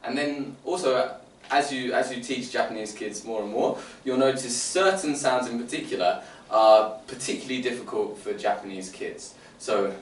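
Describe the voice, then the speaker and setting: Presenting phonics teaching to fellow teachers, a man sounds out letters and explains each step. His mid-range voice keeps a moderate pace. The mic is distant, giving a roomy sound with faint room noise.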